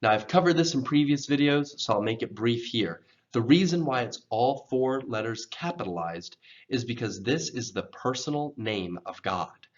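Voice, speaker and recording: A man teaching English pronunciation in a slow, careful lesson, patiently repeating words for learners. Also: mid-range voice, lively intonation. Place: church program video. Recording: dull, lo-fi sound.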